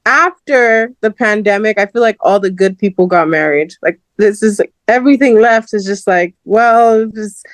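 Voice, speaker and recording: Animated young woman, dry close sound. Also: medium pitch, normal speed, few pauses, no echo. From Southern California. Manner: animated, laughs often, heavy use of "like". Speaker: guest host. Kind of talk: casual podcast chat.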